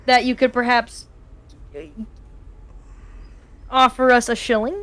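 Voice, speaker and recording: A woman's voice: a little high, flat delivery, measured pace, a bit bright, dry recording. A woman playing a tabletop game, playful and mock-formal, with some swearing. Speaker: player. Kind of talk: casual tabletop role-play.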